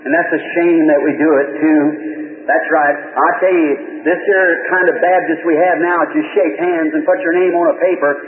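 A man preaching a sermon, telling stories in a plain-spoken, lively way. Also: on the high side, moderate pace. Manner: plain-spoken, animated storytelling. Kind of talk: folksy storytelling sermon. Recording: tinny old archival hall recording.

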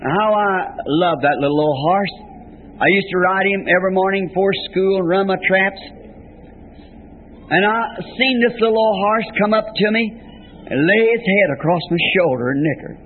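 A man's voice: sits high, normal speed. A man preaching a sermon, telling of a vision in an earnest, folksy way with plain rural grammar. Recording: tinny lo-fi archival tape with faint hiss.

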